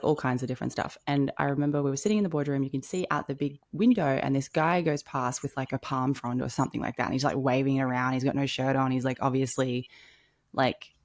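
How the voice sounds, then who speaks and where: A woman's voice: a bass voice, steady tone, fast, darkish tone. A young woman telling a personal story in a casual podcast chat, full of "like" and casual swearing. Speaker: podcast co-host.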